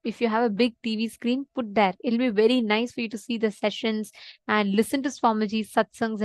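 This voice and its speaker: A woman with a fairly high voice leads an online class, mixing practical instructions with a teaching story. She is dry and close to the mic, reassures her listeners and keeps checking in with "okay?" and "right?". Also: dry recording. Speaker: program instructor.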